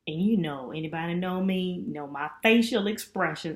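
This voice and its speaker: A middle-aged woman vlogging as a student, telling a chatty, animated story full of asides. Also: on the low side, moderate pace. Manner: chatty, animated retelling with lots of "you know". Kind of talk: casual storytelling vlog.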